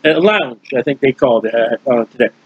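A man's voice: mid-range voice, animated, a little fast, slightly rough, no echo, lo-fi sound. A man teaching through a Bible passage in a conversational way, explaining with everyday comparisons and often restarting his sentences. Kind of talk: informal verse-by-verse Bible teaching.

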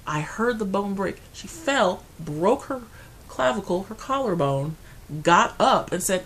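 A woman's voice: mid-range voice, expressive, measured pace, a little hiss or hum, rough recording. Grieving woman talking to camera. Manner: grieving, rambling, restarts often, swings between quiet and loud. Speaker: beauty vlogger. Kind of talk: casual personal talk to camera. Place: her apartment.

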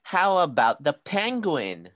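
A woman teaching an online phonics class to a young child, modelling words slowly and clearly and praising each answer. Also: deep voice, sing-song, no echo, clean studio sound.

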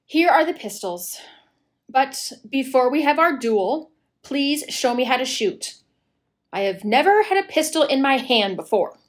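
A proud, fiery young widow, as a woman acts her out, haughty and cutting in tone. She speaks slowly with a lively, rising and falling, slightly high voice. An amateur audio-play reading. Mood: timid. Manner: haughty and cutting, then wavering. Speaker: actor in a community audio play. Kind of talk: amateur radio play acting.

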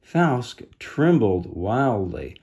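Man reading a kids' book aloud, gentle asides, slow pace, gravelly edge. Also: medium pitch, sing-song. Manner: gentle, explains the story to young listeners. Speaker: storybook reader.

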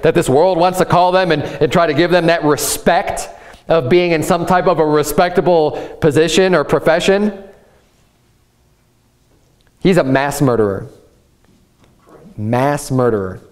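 This pastor from the United States has a fairly high voice, fairly even intonation and a normal pace. His sermon is impassioned, marked by restarts and repeated words as he presses on.

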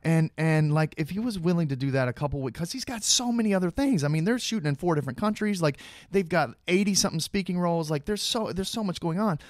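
A man, a guest actor on a podcast, telling animated behind-the-scenes anecdotes in casual conversation, full of fillers and restarts. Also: a little high, fast talker, hardly any pauses, no echo, clean studio sound.

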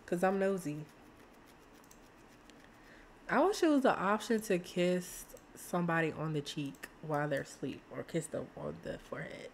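A woman, chatting excitedly to viewers while playing a life-sim game. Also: on the low side, moderate pace, slight background noise. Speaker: gaming streamer. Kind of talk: casual let's-play commentary.

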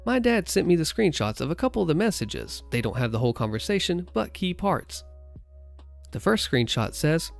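Male story narrator, animated and gravelly, conversational retelling. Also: a little high, moderate pace, soft background music. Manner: conversational, first-person retelling.

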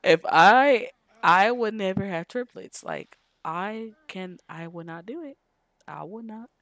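Slow, chatty woman gaming host. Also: medium pitch, lively intonation, a bit bright, no room sound. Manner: chatty, slangy, breaks into sing-song. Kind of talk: casual gameplay commentary.

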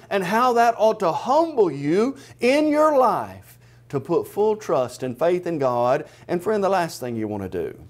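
Emphatic preacher, a man with a fairly high voice. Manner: emphatic, swings from loud and high to low and quiet; slows down to stress key phrases. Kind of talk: televised sermon.

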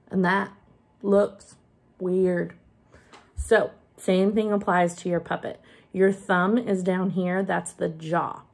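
A woman teacher giving a gentle, hands-on craft lesson for young children while she demonstrates each step. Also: medium pitch, fairly even intonation, slow, vocal fry.

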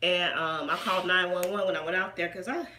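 A woman chats through a story in a casual vlog, emphatic and quick to laugh. Her voice is bright, and the room gives it a clear echo. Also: lowish voice, fairly even intonation, slight background noise. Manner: chatty and emphatic, laughing as she tells it. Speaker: channel host. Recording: echoey room.

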